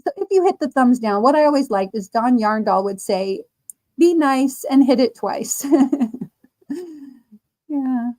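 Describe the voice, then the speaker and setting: Slow, mellow-voiced woman chatting. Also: sits high, lively intonation. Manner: slow, chatty, laughs often. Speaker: livestream host. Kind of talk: casual livestream chat reading comments.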